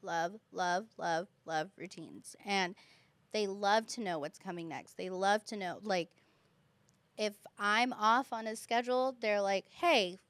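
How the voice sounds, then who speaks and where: A young woman who teaches kindergarten, chatting casually as a podcast guest and telling stories with lively quoted voices. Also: mid-range voice, measured pace, clear, resonant tone, no room sound.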